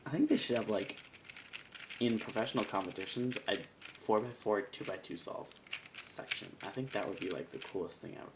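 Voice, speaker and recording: Male reviewer, gravelly and animated, casual rambling delivery, noisy recording. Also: fairly low pitch, normal speed. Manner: rambling, chatty, self-mocking asides. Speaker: cube reviewer.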